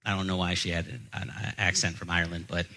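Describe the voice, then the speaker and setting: Man, young pastor, sermon, very bright tone, joking self-deprecating storyteller. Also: low voice, level tone, quick pace, vocal fry, slight background noise, rough recording.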